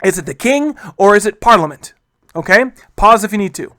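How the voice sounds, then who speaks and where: A man's voice: high voice, animated, pushed and bright, no echo. Casual man teaching history, dry sound. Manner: casual, keeps addressing listeners as guys; acts out historical figures in quick asides. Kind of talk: recorded history lecture.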